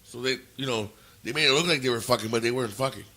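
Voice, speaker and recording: A man's voice: mid-range voice, racing, bright, forceful tone. A man co-hosting a podcast, telling a story in blunt, profane casual chat and quoting what people said. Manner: profane, blunt, quotes people in his stories. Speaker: podcast co-host.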